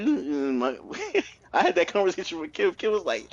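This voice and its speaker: A man in his thirties on a podcast, telling family stories in an animated, profane way with lots of laughs. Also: sits high, normal speed, dull audio. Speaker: podcast co-host. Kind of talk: casual chat.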